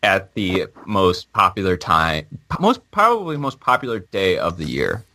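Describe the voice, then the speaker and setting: A man's voice: deep voice, sing-song, moderate pace, bright, forceful tone, no echo. A man hosting a casual podcast chat, hesitant and full of fillers as he leads the talk. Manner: hesitant, many fillers and restarts. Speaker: podcast host.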